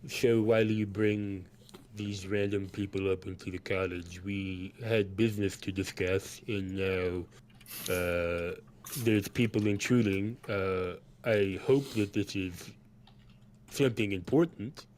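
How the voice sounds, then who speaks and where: A man's voice: sits low, fairly even intonation, slow pace, a little mellow, a little hiss or hum. A man voicing an aloof, fussy older male cat-folk scholar with a dry, impatient manner.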